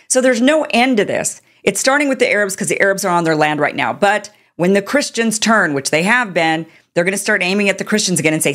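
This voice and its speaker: A woman's voice: mid-range voice, lively intonation, fast, hardly any pauses, a bit bright. A woman hosting political commentary, talking in an indignant, sarcastic way. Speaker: commentary host.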